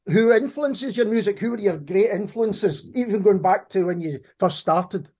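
A man's voice: sits high, moderate pace, darkish tone, slightly rough, highs cut off. A man hosting a casual interview in an easygoing way, often stumbling over the first words of a phrase. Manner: easygoing, stammers at the start of phrases. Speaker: interview host.

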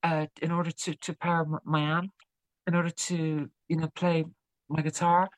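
A woman's voice: low voice, little pitch movement, dry recording, low-quality recording. A woman musician being interviewed, chatting casually and repeating words as she tells a story. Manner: halting, repeats words while telling a story. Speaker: guest musician.

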